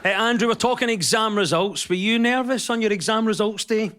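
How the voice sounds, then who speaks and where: A man's voice: high-pitched, brisk, heavy background noise. A man hosting a comedy panel show, upbeat and teasing as he reads out news stories. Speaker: host.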